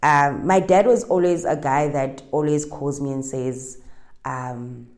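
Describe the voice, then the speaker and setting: A woman's voice: extremely low pitch, unhurried, darkish tone. A young woman with a South African accent telling a personal story in a chatty, winding way, dropping Setswana phrases into her English. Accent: South African, Setswana-speaking. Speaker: interviewee.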